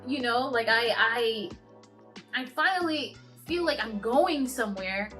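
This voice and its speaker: Bright-voiced young woman telling a personal story. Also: fairly high pitch, lively intonation, soft background music. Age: 20s. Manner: halting, earnest, full of restarts. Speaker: vlogger.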